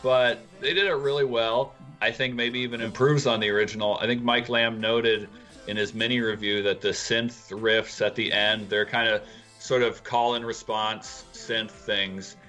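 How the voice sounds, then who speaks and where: A man's voice: mid-range voice, fairly even intonation, moderate pace, pushed and bright, faint music behind. A man co-hosting a podcast, chatting casually and rambling as he reviews a song cover. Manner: rambling, thinks aloud. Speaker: podcast co-host. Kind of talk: casual music review chat.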